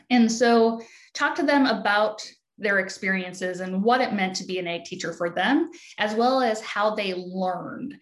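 A woman from Wisconsin with a Midwestern accent, a podcast guest explaining her research in a relaxed way with frequent ums. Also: medium pitch. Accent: Midwestern American. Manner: easygoing, frequent ums and restarts. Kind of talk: casual interview talk.

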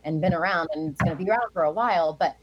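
An American Broadway actress in her thirties chats as an interview guest, full of fillers and frequent laughter. She talks rapid-fire in a fairly low, husky voice, and the audio sounds dull.

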